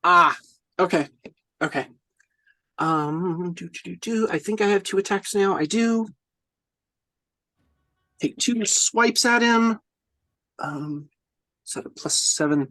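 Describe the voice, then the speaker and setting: Woman tabletop player, unhurried, swears casually, dry close recording. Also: on the low side, fairly bright tone, no room sound. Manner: swears and laughs while checking rules. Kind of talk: casual tabletop game play.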